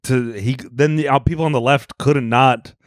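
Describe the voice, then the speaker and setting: A man with a mid-range voice co-hosts a comedy podcast, speaking with facetious, deadpan irony. The recording is dry and close-miked. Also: mid-range voice, moderate pace, dry recording. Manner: deadpan, facetious ironic delivery. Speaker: podcast co-host. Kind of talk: casual comedic chat.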